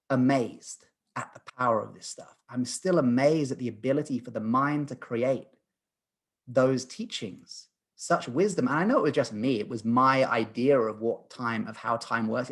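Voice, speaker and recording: A man in his thirties, a podcast guest, telling a personal story in an earnest, animated way with frequent restarts. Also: mid-range voice. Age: 30s. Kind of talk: storytelling in conversation.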